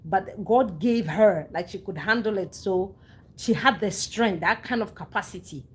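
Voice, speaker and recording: A woman's voice: mid-range voice, measured pace. A young adult woman speaking earnestly and emotionally to her listeners, repeating phrases and restarting sentences as she shares a personal story. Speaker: host sharing a personal story. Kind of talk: heartfelt personal talk to listeners.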